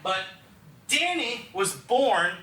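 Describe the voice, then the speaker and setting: This young man from Texas performs an autobiographical solo show on a small theatre stage, sharing his story with the audience in a wry, intimate manner. His voice sits extremely high with wide pitch swings, slow pacing and a sharp edge, captured at a distance in a roomy hall.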